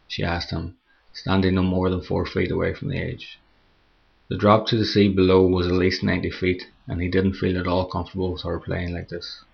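A man hosting a podcast and reading a short horror story in a slow, measured way. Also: sits low, monotone, gravelly, slightly rough, dull audio. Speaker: podcast host and story narrator. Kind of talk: scripted story narration.

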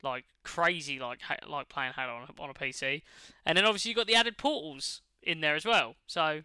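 A man's voice: a little high, brisk, sharp tone, clean tone, dry recording. A man, co-hosting a podcast in casual, sweary chat full of fillers and restarts. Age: late 20s. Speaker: podcast co-host.

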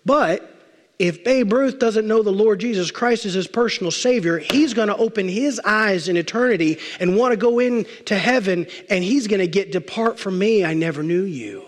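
A male pastor preaching a sermon, emphatic, stacking repeated phrases and slowing down to stress key words. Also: sits high. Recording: long reverb of a large hall.

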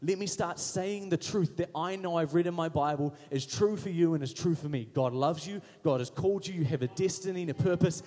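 Husky-voiced preacher in a reverberant hall. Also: male voice, fairly high pitch, fairly quick, darkish tone. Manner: emphatic, repetitive preaching with punchy short phrases. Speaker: pastor. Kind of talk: sermon.

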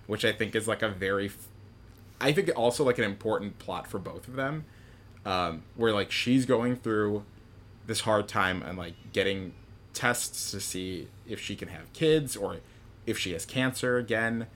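A man's voice: on the low side, unhurried, a bit bright, a little hiss or hum. A young man in casual chat about a film, rambling with many fillers and acting out quotes. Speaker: podcast co-host discussing a film.

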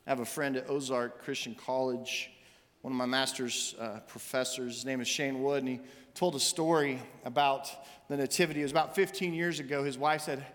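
A man, the senior minister, preaching a sermon in a church sanctuary and telling a story with animated quoted voices. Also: mid-range voice, brisk. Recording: long hall reverb, faint music.

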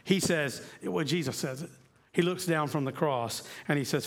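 A man preaching a sermon as a pastor. He talks earnestly, repeating key phrases and slowing down to stress them. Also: fairly high pitch.

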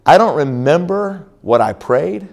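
A man's voice: on the high side, expressive, a little slow, gravelly, darkish tone. A man preaching as a pastor at a church conference, telling a personal story with frequent restarts and fillers. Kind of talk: sermon testimony.

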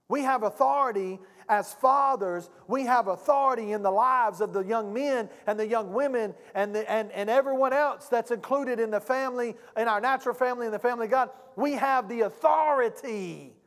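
High-voiced man preaching in a reverberant hall. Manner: preaching with a rising, dramatic storytelling delivery; calls out to the congregation. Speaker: pastor. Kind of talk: sermon. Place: church sanctuary.

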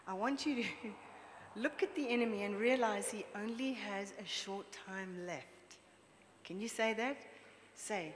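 A woman preacher delivers her sermon in a church hall, her voice trailing off into a long reverb. She talks in a lively, conversational way, often turning to the congregation with questions. A faint hiss sits under the recording. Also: mid-range voice, measured pace. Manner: lively, chatty, draws the audience in with questions.

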